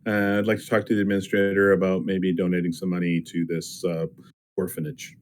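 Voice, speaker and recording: A man's voice: deep voice, monotone, a little fast, darkish tone. A man playing a tabletop game, playful and boastful, talking in and out of character. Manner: playful, boastful, many fillers. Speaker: player.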